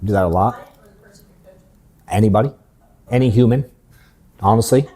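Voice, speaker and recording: Male sales coach, 30s, blunt and candid, mellow dark tone, office workshop. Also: on the low side, moderate pace. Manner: blunt, candid, swears casually. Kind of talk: casual workshop talk.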